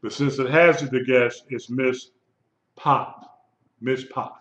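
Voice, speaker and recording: A man teaching a live Hebrew lesson, speaking slowly and patiently and repeating words for his students. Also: medium pitch, steady tone, fairly bright tone. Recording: lo-fi echoey room recording.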